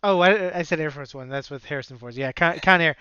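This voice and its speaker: A man's voice: fairly high pitch, a little fast, bright, forceful tone, smooth, no room sound, lo-fi sound. A man co-hosting a podcast in casual chat, blunt and opinionated, swearing freely and laughing often. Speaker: podcast co-host.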